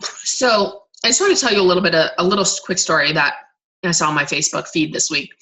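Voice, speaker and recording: A woman's voice: lowish voice, animated, fast, pushed and bright, rough recording. A woman coaching her team on a conference call, talking casually in long rambling stretches with many restarts and fillers. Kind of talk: casual motivational talk. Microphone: conference call line.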